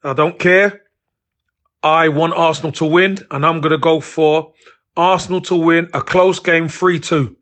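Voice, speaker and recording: High-voiced, upbeat man shouting his prediction. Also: normal speed. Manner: upbeat, optimistic, loud. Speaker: podcast pundit. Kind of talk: recorded voice message.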